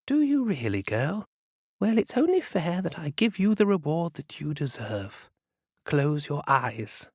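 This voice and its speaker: A man voicing a stern old female witch who grants rewards, chanting slowly and solemnly. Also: a little high, very animated, darkish tone, dry recording, clean studio sound, voice pushed up, heavily acted. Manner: slow, solemn incantation.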